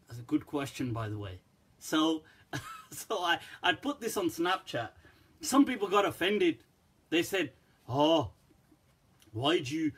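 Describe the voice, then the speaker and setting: A middle-aged man, a teacher answering questions in a casual talk, who laughs often and tells stories in a lively, mocking way. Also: on the high side, unhurried, long pauses, slightly rough.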